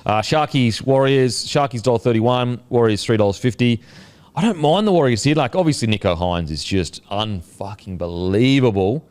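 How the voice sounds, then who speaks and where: An Australian man hosts a casual podcast, chatting in a jokey way full of quick asides. His voice is smooth and clear, sitting at an everyday middle pitch. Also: expressive, a little mellow. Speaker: podcast host. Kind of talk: casual chat about football tips.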